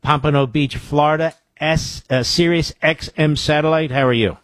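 Indignant talk radio host. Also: male voice, a little high, steady tone, normal speed, fairly bright tone, no room sound. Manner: emphatic, indignant, rhetorical. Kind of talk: political talk radio monologue. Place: radio studio.

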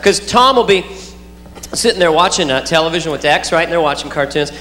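A man's voice: on the high side, expressive, brisk, faint music behind. A man doing stand-up comedy for a live audience, playful and full of silly sound effects. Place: large venue with live audience. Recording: roomy hall, loud crowd and noise.

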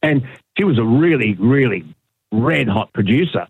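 A man's voice: medium pitch, expressive, moderate pace, creaky, husky, no echo. Australian man chatting over a phone line. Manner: chatty storyteller, many fillers and restarts. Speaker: guest, radio broadcaster and podcaster. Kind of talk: casual radio chat. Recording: dry tinny phone line.

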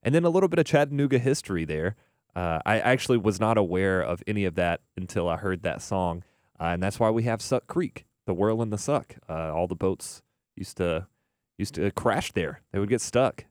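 A young man hosting a radio music show, chatting in a relaxed, rambling way full of "uh"s and restarts. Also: low voice, moderate pace, no room sound, studio quality. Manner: relaxed, rambling, filler-heavy. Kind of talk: casual radio DJ chat. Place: radio studio. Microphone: studio mic.

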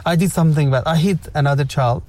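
A man's voice: a little high, quick pace, darkish tone. A man hosting a casual discussion, guiding the others with encouraging advice and frequent repeats. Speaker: host.

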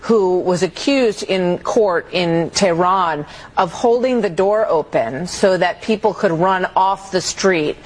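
Woman, TV interviewer, quick probing questions. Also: on the low side, rough recording.

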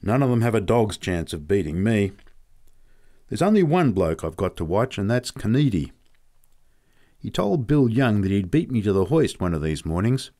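A man reading a story aloud and voicing a curt, confident older male farmer, blunt and brisk in manner. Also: fairly low pitch, big pitch swings, dark tone. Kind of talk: audiobook character voice.

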